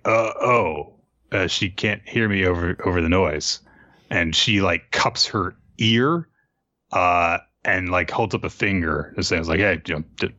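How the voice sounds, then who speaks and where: A man with a low voice recaps a manga chapter casually, now and then jumping into higher voices for the characters. The recording is dry and a bit dull, with no room sound. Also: dry recording. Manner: animated, jumps into quick high voices for quoted characters. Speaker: podcast co-host.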